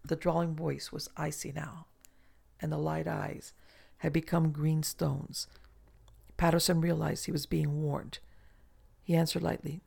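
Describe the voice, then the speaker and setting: Gravelly, husky audiobook narrator. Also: mid-range voice, little pitch movement, measured pace, long pauses, darkish tone.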